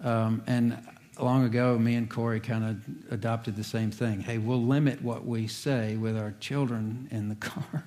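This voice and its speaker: A man's voice: mid-range voice, flat delivery, measured pace, mellow. A man, a pastor, giving a conversational sermon with folksy asides and light humor.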